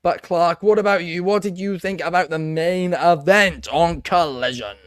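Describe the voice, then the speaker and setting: A man's voice: sits high, normal speed, no room sound. A man hosting a casual podcast discussion who agrees readily and hands the talk to others with questions. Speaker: podcast host.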